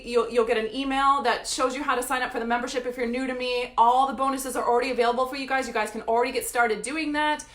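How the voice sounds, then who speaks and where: A woman's voice: high-pitched, fairly bright tone, roomy sound. A woman coach giving an emphatic, blunt motivational talk straight to her viewers. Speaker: life coach.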